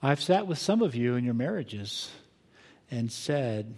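An older man preaching a sermon as pastor, earnest and reflective, moving between quiet pauses and emphatic bursts. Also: medium pitch, sing-song. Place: church sanctuary. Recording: long hall reverb.

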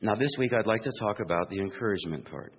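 Male pastor, sermon, earnest, husky, low, emphatic then hushed, long reverb. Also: animated. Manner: earnest, swings from emphatic peaks to hushed asides; slows and spells out words for emphasis.

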